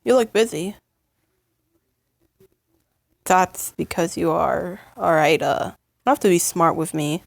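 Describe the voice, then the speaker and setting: A woman voicing an upset young partner in a fight with the listener, stammering and halting in emotional outbursts. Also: fairly low pitch, creaky, no echo, heavily acted. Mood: annoyed. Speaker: voice actor in a listener role-play. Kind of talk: listener role-play audio drama.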